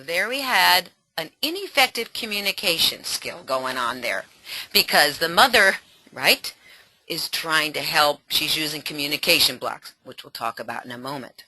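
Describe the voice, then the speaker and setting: A middle-aged woman teaching a parenting webinar as a coach, in an animated and encouraging way. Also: low-pitched, moderate pace, no echo.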